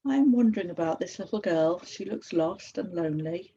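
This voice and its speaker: A woman reading aloud and voicing Hope, a curious, gentle stranger who asks probing questions. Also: fairly low pitch, brisk, gravelly, husky, lo-fi sound.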